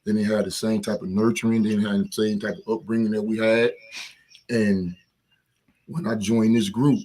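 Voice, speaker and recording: Male guest, low husky voice, measured and sincere. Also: little pitch movement, mellow. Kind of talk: studio discussion. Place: studio.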